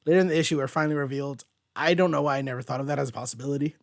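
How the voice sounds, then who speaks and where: A man's voice: mid-range voice, rapid-fire, creaky, no echo, studio quality. A man hosting a casual comic book review chat, rambling and thinking aloud as he goes. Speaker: host.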